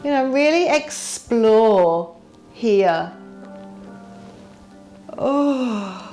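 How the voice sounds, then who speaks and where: A woman teacher guiding a yoga warm-up, gently asking the listener what they feel in the body. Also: fairly high pitch, soft background music. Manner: slow, gentle, inviting questions to the listener. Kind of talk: guided yoga class instruction.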